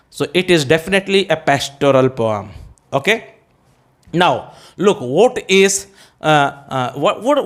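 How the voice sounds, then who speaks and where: A male English teacher with an Indian accent lecturing on a poem, often checking with "okay?" and spelling terms out letter by letter, with halting restarts. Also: sits high, a bit bright. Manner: hesitant restarts with many "uh"s.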